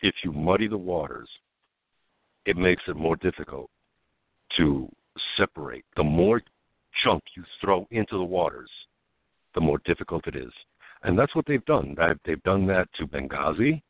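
A man with a deep voice that swings widely in pitch, co-hosting a political talk radio show. He tells stories in an animated way and laughs as he goes. His voice comes through a narrow, phone-like line with no room sound. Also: normal speed, dry recording.

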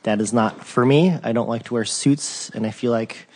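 A man's voice: mid-range voice, normal speed, a little mellow. A man who works as a restaurant beverage director, chatting casually as a podcast guest in an easygoing, laid-back way. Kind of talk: casual chat.

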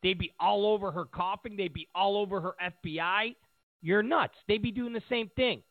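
A man delivering an animated, sarcastic political monologue as a commentator. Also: sits high, normal speed, no echo, narrow, tinny audio.

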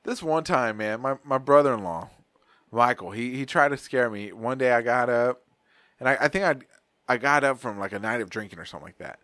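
Podcast host dude, rambly and swears a lot, dry close sound. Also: male voice, medium pitch, animated, a little fast, bright, forceful tone, no room sound. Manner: rambling, profane, slangy storytelling. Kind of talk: casual chat.

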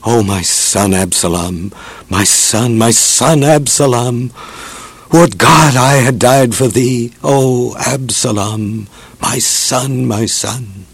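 A man voicing an aged king who mourns his son with slow, anguished cries. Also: medium pitch, breathy edge, no room sound. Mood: grieving.

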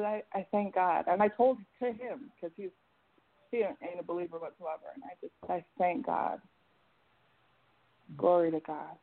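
A woman gives an earnest, emotional testimony on a prayer line, her voice sitting a little low. She talks with halting restarts. The sound is thin and tinny, like a phone call. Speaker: caller giving testimony.

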